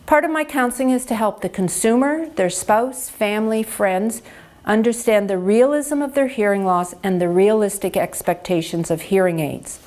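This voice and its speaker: A woman hearing care counselor gives an educational health talk. She speaks on a lapel microphone and explains clearly and patiently, with practical examples. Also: medium pitch, darkish tone.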